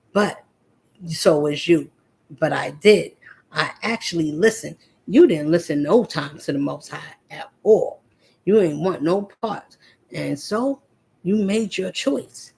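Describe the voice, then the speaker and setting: Husky-voiced woman delivering a preachy rant. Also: lowish voice, a little mellow. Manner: confrontational, preachy, addresses listeners directly. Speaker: vlogger. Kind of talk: spiritual monologue to the camera.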